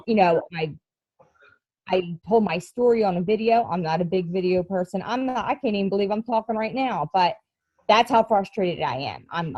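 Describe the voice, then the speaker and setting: A woman coach sharing her frustrations in a group call, speaking in a halting way with many restarts. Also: mid-range voice, warm tone, no echo, lo-fi sound.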